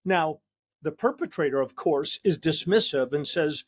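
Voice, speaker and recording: A man's voice: on the high side, animated, moderate pace, husky. A male psychologist hosting a discussion show, talking earnestly and emphatically, often repeating a word as he starts a sentence. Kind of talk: conversational discussion.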